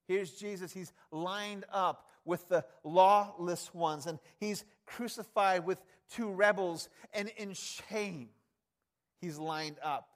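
Male preacher, higher pitch, emphatic conversational sermon delivery. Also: slow pace. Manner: emphatic, conversational, swings from loud to hushed.

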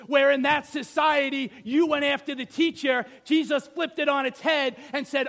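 A male pastor preaching an animated sermon, firing rhetorical questions and swinging from loud to soft. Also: extremely high pitch, normal speed, vocal fry.

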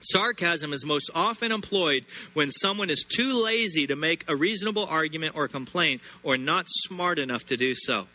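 A man preaching a sermon, emphatic, repeating words and slowing down hard on key lines. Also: fairly high pitch, lively intonation, bright, forceful tone. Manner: emphatic, repeats words and builds phrases, slows sharply on scripture.

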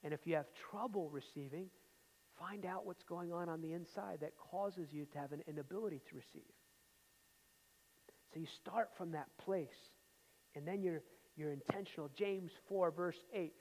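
A man preaching a sermon, telling stories with emphasis and then dropping into quiet asides. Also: high voice, moderate pace. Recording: long hall reverb.

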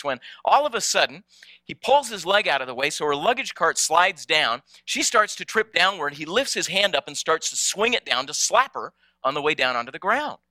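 A man tells a story in a strikingly bright, tense voice that sits slightly high. He is conversational and often doubles up small words. The recording is close and very dry, with no room sound. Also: no echo. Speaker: speaker telling a personal story. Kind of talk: storytelling talk.

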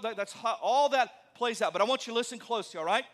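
A man preaching a sermon as a pastor, animated, acting out the voices of the people he quotes. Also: very high voice, fast, hardly any pauses, in a large hall.

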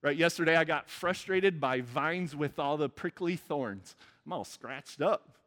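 A man's voice: fairly high pitch, a little slow, in a large hall. A male pastor delivering an earnest sermon and leading a prayer. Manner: earnest preaching, soft prayerful close.

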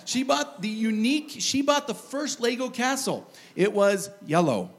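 A middle-aged man preaching a sermon, telling stories with lively asides and chuckles. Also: sits high, a little slow. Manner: lively storytelling, animated asides and laughs. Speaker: pastor.

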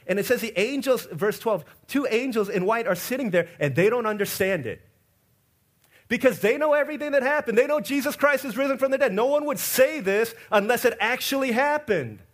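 A male pastor delivers an Easter sermon through stories, acting out the characters with lively quoted voices. He swings between loud, excited asides and quiet, low passages.

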